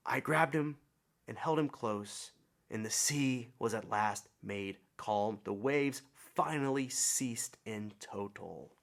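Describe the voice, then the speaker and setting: A middle-aged man preaching a sermon, telling a personal story with swelling emphasis and soft, hushed drops. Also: mid-range voice, slow pace, gravelly. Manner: reflective storytelling, swells then drops to near whispers. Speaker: pastor.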